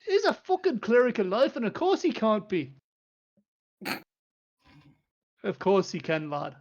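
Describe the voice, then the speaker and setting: A man's voice: high voice, wildly swooping pitch, moderate pace, dull audio, pitched above the performer's own voice, heavily acted. A man doing a blustering dwarf chief. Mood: gruff. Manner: blustering, swearing, impatient. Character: gruff irritable male dwarf chief.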